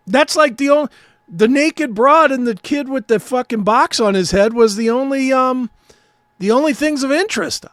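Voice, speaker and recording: A man in his fifties with a strikingly high, gravelly voice rants sarcastically through a casual podcast chat and swears freely. The sound is dry and close. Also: fairly bright tone, no echo. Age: 50s. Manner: sarcastic, ranting, swears often. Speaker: podcast co-host. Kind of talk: casual profane podcast banter.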